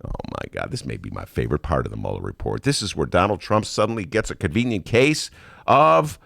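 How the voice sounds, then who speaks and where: A man's voice: low-pitched, very animated, brisk, gravelly, fairly bright tone, no room sound, clean studio sound. A man hosting a talk show, riffing sarcastically on the news and reading quotes aloud. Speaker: host. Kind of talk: comedic political monologue.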